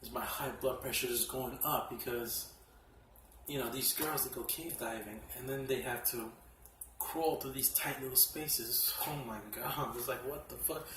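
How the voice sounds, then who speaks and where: A man casually reviewing horror films from his collection, excitable and profane, often laughing as he talks. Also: medium pitch, normal speed, noisy background. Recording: echoey room, mic at a distance.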